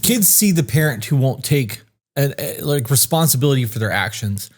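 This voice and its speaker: A man's voice: medium pitch, expressive, normal speed. Rambling, profane man co-host. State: short on sleep. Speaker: podcast co-host. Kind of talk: casual chat.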